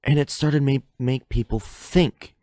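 A man's voice: mid-range voice, steady tone, measured pace, mellow, dry recording. A young man rambling through a solo podcast at home on a close mic, interrupting himself and swearing casually. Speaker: podcast host. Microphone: close microphone in front of face.

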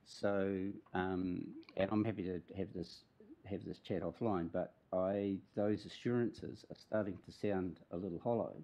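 A man with a New Zealand accent, a councillor, raising a concern in a halting way at a council meeting. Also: deep voice, steady tone, warm tone. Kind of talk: formal meeting remarks.

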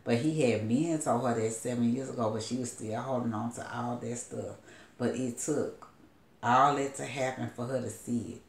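Woman preacher with a gravelly, creaky voice, rambling storyteller, roomy echo. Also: a bass voice, moderate pace. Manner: loose rambling storytelling with asides. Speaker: prophetess. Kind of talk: retelling a story as a sermon.

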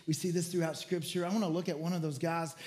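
High-voiced pastor preaching earnestly. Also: male voice, level tone, fast, darkish tone. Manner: earnest, with repeated restarts; acts out quoted lines with rising pitch. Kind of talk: sermon.

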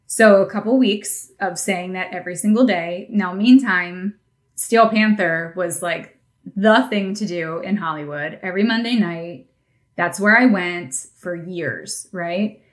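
A woman from New Jersey telling a personal story on a podcast in a chatty, animated, self-deprecating way. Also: lowish voice, unhurried. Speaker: podcast co-host. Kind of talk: casual storytelling.

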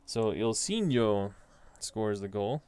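A man's voice: fairly low pitch, expressive, slow pace, darkish tone, clear, resonant tone. A young man casually talking through his tabletop soccer simulation, thinking aloud as he reads off dice results. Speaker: tabletop soccer sim host. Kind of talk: casual solo commentary.

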